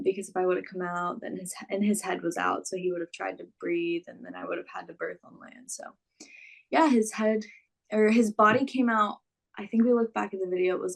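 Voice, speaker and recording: A young woman casually telling her own story in a relaxed, chatty way full of fillers. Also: mid-range voice, gravelly.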